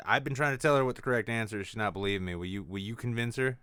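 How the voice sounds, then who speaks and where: A man's voice: lowish voice, very fast, bright, forceful tone, clear, resonant tone, no echo, clean studio sound. A man hosting a podcast, telling rambling stories in casual chat. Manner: rambling storyteller who acts out voices. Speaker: podcast host.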